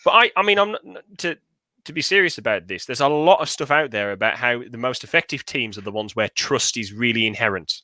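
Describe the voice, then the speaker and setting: A man's voice: medium pitch, expressive, fast talker, sharp tone, no room sound. A young man, an operations director, talking casually and thoughtfully with dry humor. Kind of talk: casual chat. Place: indoor, video call.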